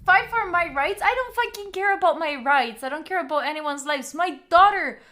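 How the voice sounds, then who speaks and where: A young woman streaming a game, reacting excitedly, repeating words in bursts, swearing and talking to her chat. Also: very high voice, normal speed. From Italy. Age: young adult. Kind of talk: live gameplay reactions. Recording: clear background noise.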